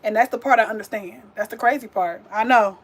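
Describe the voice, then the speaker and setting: With a voice on the high side and a slightly fast delivery, a young woman talks straight to her audience while cooking. She's a chatty, sassy vegan livestream host making casual conversation.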